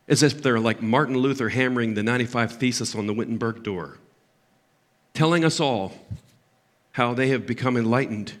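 An older man preaching a sermon as pastor, impassioned, swinging from loud emphatic peaks down to low, quiet asides.

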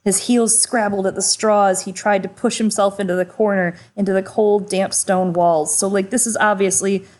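A woman's voice: medium pitch, fairly even intonation, moderate pace, hardly any pauses, darkish tone. A woman co-hosting a casual book discussion, chatty and full of "like" fillers. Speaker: podcast co-host.

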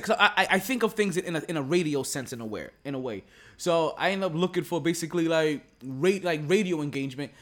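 Recording away from home at a relative's house, the Jamaican sports podcast host talks in a high-leaning, slightly bright voice. He rambles, repeats words and laughs a lot in easygoing conversation.

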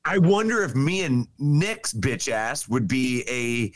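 A man's voice: medium pitch, takes it slowly, no room sound. A man chatting casually on a podcast, easygoing and enthusiastic, with slangy speech. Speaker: podcast co-host. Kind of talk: casual chat.

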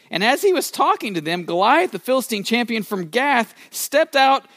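A male pastor preaching a sermon in a fairly high voice, retelling the story with playful acted-out asides. He swings between loud emphasis and soft, hushed moments. The recording is dry and close, with little room sound. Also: no echo.

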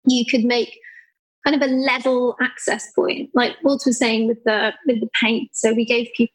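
A woman, an artist chatting on a podcast and telling animated stories about her public artworks. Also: on the high side, breathy edge, low-quality recording. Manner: animated storyteller, acts out people's voices. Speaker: artist guest. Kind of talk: casual podcast conversation.

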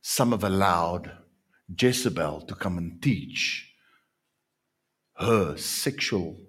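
A man, preaching a sermon with emphatic, drawn-out repetitions that swing from quiet to loud. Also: low voice, lively intonation, husky. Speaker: pastor.

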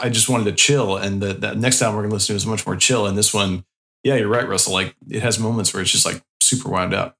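A man co-hosting an album review podcast, talking in a relaxed, rambling way. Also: fairly low pitch. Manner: relaxed, rambling, lots of fillers. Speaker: podcast co-host. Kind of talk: casual chat reviewing an album.

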